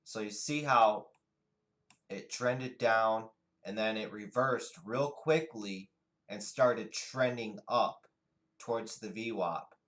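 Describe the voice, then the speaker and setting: A man narrating a stock chart walkthrough, explaining trades in a steady, unhurried way. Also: on the low side, low-quality recording. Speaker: day trading educator. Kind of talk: screen-share chart walkthrough.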